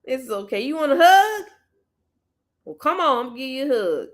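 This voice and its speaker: A woman hosting a casual livestream, gently coaxing and soothing a child, then chatting easily with her viewers. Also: high-pitched, big pitch swings, moderate pace. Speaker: livestream host and mother.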